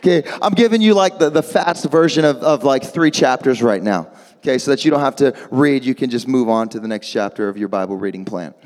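A male preacher giving a lively sermon, urging the crowd to answer back, with jokey asides and sudden shouts. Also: mid-range voice, brisk. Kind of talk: lively sermon with call-and-response. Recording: long echo of a large hall.

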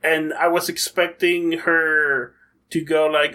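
Bright-voiced game master, rambling happily. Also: male voice, a little high, steady tone, a little slow. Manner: enthusiastic, rambling, self-correcting. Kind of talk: casual interview chat.

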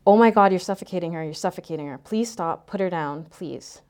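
A frightened mother begs for her children's safety, her voice shaking as she pleads, voiced by a woman reading the story. The tone is mellow and fairly low. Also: moderate pace. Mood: panicked. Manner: shaky, pleading.

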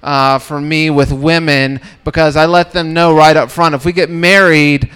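A man doing an awkward, self-deprecating stand-up set at an open mic night, with halting delivery. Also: on the high side, fairly even intonation, a bit bright, clear, resonant tone. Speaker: stand-up comedian. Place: comedy club open mic.

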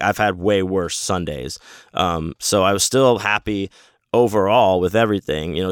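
A man's voice: sits low, a bit bright, smooth, no echo. Man, casual rambling story, laid-back, swears, resonant voice, dry sound. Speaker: convention vendor.

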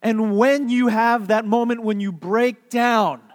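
A man's voice: extremely high pitch, fairly even intonation, slow pace, long reverb tail. A man preaching a sermon, telling a story with playful questions to the congregation and repeating key words for emphasis. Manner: playful, asks the audience questions. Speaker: pastor.

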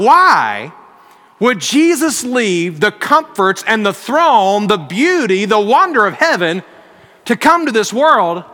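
High, bright-voiced preaching man. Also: in a large hall. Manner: earnest storytelling with emphatic rises. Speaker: pastor. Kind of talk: sermon.

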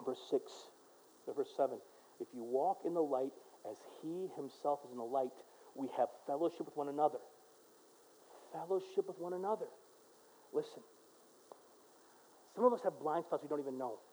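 A male pastor preaching a sermon, dropping to a quiet voice for prayers and rising to loud, emphatic exhortation. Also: on the high side, moderate pace, pauses often, a little hiss or hum, poor audio.

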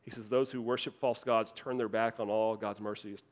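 A man's voice: fairly low pitch, fairly even intonation, moderate pace. A young adult man preaching an earnest, emphatic sermon, repeating phrases for weight and often restarting his words. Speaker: pastor.

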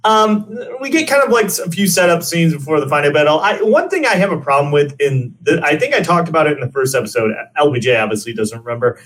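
A man's voice: on the high side, lively intonation, fast talker, few pauses, a bit bright. A man co-hosting a casual movie podcast, rambling with fillers and laughing often. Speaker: podcast co-host.

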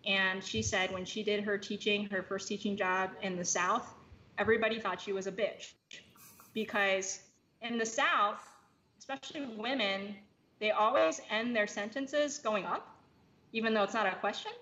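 A woman speaking casually as a podcast guest, explaining ideas with frequent fillers and restarts, picking up energy in animated bursts. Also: medium pitch, normal speed. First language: English. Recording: slightly dull lo-fi audio with faint background hiss.

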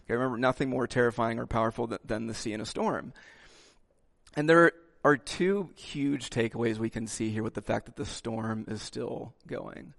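A male pastor preaching a sermon with lively delivery, dropping "okay" asides and acting out the quotes he reads. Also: mid-range voice, moderate pace, creaky.

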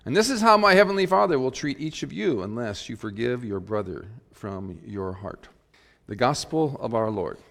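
A man serving as pastor, leading worship and giving a sermon in a church, reading scripture in a measured, earnest way with reflective pauses. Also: medium pitch, lively intonation, creaky, a bit bright. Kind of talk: liturgy and sermon.

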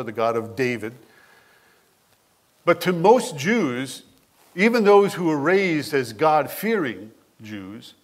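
With an expressive, animated delivery and a mid-range voice, a man preaches a sermon as a pastor. He asks his listeners questions directly.

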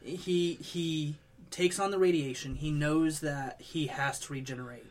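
Guy geeking out in a chat with friends, explains stuff in detail, voice a bit high. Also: a little slow. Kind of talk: casual chat.

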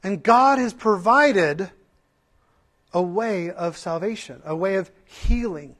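Speaking slowly, this high-voiced male pastor sounds animated and fairly bright as he delivers his sermon like an impassioned preacher. Rhetorical questions press the listeners before he eases into sincere, chatty asides where he keeps restarting.

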